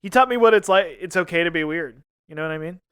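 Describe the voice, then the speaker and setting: A man's voice: fairly high pitch, quick pace, a bit bright, smooth. A man co-hosting a podcast in casual chat, dry and teasing, often laughing. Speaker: podcast co-host.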